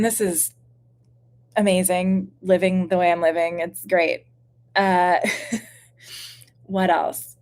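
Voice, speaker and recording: A woman's voice: fairly low pitch, a little mellow. A woman in her thirties hosting a casual live stream from home, chatty and self-deprecating, rambling with fillers and a bit stuffy from postnasal drip. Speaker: YouTube channel host. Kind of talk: casual live-stream chat reading viewer questions.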